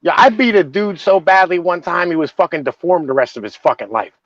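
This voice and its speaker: A man's voice: high voice, brisk, no room sound. A man chatting casually and brashly, swearing in almost every sentence. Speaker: guest. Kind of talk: casual profane chat. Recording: dull, dry lo-fi audio.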